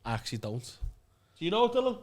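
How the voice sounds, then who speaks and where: A man, co-hosting a comedy podcast with fast, chatty interjections. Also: sits high, very animated. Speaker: podcast co-host. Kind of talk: casual banter.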